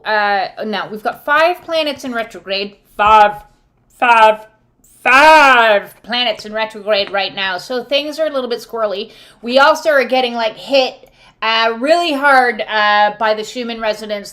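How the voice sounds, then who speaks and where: A woman's voice: medium pitch, a bit bright. A woman reading oracle cards and talking casually to her viewers, rambling with many fillers and now and then squealing out quoted voices. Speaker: oracle card reader. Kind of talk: casual spiritual talk to camera.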